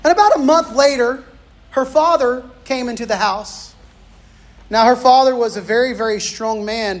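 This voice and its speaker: High-voiced storytelling pastor, folksy. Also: male voice. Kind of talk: sermon with personal stories.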